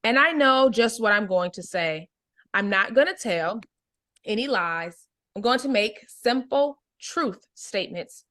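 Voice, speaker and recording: A woman teaching an adult English book club, reading a novel aloud and then explaining it slowly and clearly. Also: mid-range voice, fairly bright tone. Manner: slow, clear teacher explanations with check-ins.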